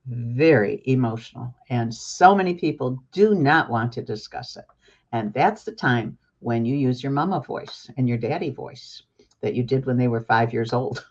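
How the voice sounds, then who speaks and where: A woman's voice: extremely low pitch, a little mellow, muffled recording. An older woman, a book author, speaking as a guest in a talk-show interview in an earnest, emphatic and openly emotional way.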